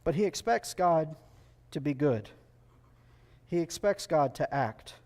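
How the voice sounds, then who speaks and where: A man's voice: fairly high pitch, expressive, slow, a little mellow. A male preacher giving a sermon, earnest and emphatic, repeating key phrases and putting rhetorical questions to the congregation.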